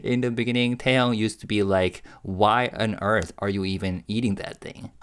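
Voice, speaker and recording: Man, low voice, casual reaction host, live translating, chuckling, lots of fillers. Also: normal speed, clean tone. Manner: relaxed, chuckling, hesitant with many fillers. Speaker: YouTube host translating a livestream.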